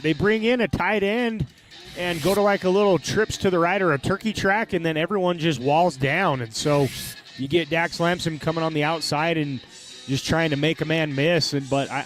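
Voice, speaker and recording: A man from Arizona giving relaxed, analytical color commentary on a football game. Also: a little high. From Heber, Arizona. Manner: relaxed, analytical, talks through play concepts.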